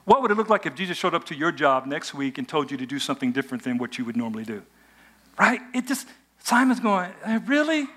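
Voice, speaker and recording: A man preaching a sermon to his congregation, telling the story with animated asides and acting out the characters' lines. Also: medium pitch, quick pace. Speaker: pastor.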